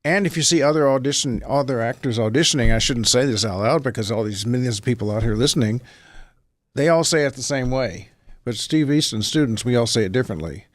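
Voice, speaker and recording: A man's voice: medium pitch, fast talker, no room sound, studio quality. A man, an actor, talking casually as a guest, rambling and acting out little examples as he explains. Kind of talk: casual talk-show chat.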